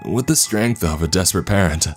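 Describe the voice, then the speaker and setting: A man narrating a horror story in a measured, dramatic storytelling manner. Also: low-pitched, animated, soft background music.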